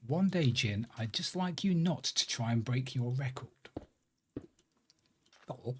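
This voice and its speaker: A man's voice: mid-range voice, expressive, unhurried, slight background noise. Chatty man streaming a game. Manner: chatty, self-deprecating banter. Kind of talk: casual live-stream commentary while gaming.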